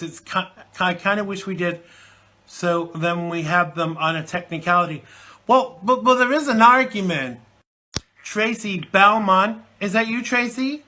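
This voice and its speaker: A man's voice: high-pitched, pushed and bright. A man hosting a live internet talk show from the UK, chatting and rambling with many fillers, recovering from a chesty cold. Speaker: host.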